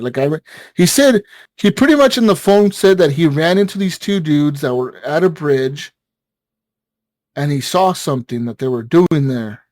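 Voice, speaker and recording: This gaming podcast co-host has a fairly high, expressive, slightly mellow voice and speaks at a moderate pace with no room sound. He tells a long story in a rambling, casual way, full of fillers and swearing.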